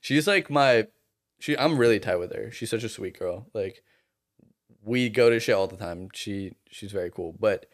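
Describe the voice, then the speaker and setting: Brief: young male guest from Boston, animated, cursing storyteller. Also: fairly low pitch, moderate pace. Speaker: podcast guest. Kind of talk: casual chat.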